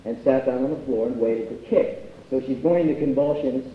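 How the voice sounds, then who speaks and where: On a live stage in a university union hall, a man with a medium-pitched voice performs spoken word a little fast, telling a story bluntly, profanely and conversationally. The recording is a dull live tape, captured from a distance in an echoey hall.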